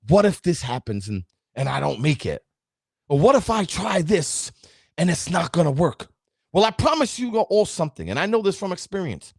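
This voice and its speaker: A man hosting a motivational talk show, speaking straight to his audience with a preachy, animated delivery. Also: high voice, slightly rough, dry recording, studio quality. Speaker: motivational show host and town councilman.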